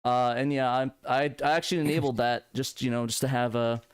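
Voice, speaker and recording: Excitable man hosting a live stream. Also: medium pitch, a little fast, clear, resonant tone, no echo, studio quality. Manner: excitable, bursts into laughing exclamations. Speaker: podcast co-host. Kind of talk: casual live-stream chat.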